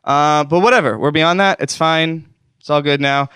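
A man's voice: fairly high pitch, moderate pace, pushed and bright, clean tone, dry recording, studio quality. A man hosting a comedic call-in show, talking in a rambling, self-deprecating, mock-wounded way.

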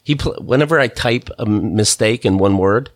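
A man hosting a podcast, telling a story in an animated, profane rant and laughing between bursts. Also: fairly low pitch, moderate pace, dry recording, clean studio sound. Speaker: podcast host. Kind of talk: casual ranting storytelling.

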